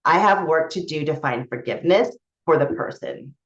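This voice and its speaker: A woman's voice: low voice, animated, moderate pace. A woman who coaches others on spiritual matters, telling a personal story in a candid, rambling way, with restarts and casual swearing. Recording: echoey room, dull lo-fi sound.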